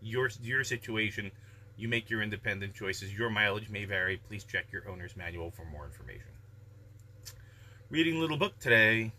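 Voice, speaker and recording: A man giving calm, measured, reflective life advice in a casual daily vlog monologue. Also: on the low side.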